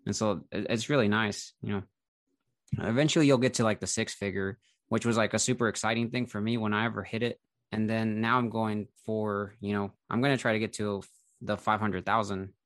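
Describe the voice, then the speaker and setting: A man with a low voice talks in an easygoing, chatty way, leaning on filler words. He is recorded close and dry, with no room sound around him. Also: steady tone, brisk, fairly bright tone, no echo. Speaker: investing YouTuber. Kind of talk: casual conversation between creators.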